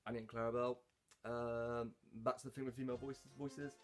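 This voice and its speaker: A man talking casually about his hobby voice work, halting, with lots of fillers and restarts. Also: mid-range voice, level tone, faint music behind. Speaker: hobby voice actor. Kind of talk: casual talk to camera.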